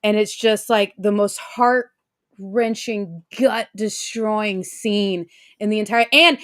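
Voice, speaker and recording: A young adult woman co-hosting a podcast, telling a story in an animated, excitable way and laughing often. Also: mid-range voice, slow, no echo, clean studio sound. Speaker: co-host. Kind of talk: casual storytelling chat.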